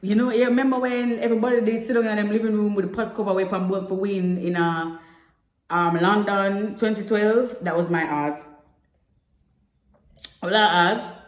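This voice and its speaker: A woman's voice: mid-range voice, fairly even intonation, normal speed. A young woman with a Jamaican accent telling a personal story to camera in a chatty way, slipping between English and Patois. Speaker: vlogger. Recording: echoey room.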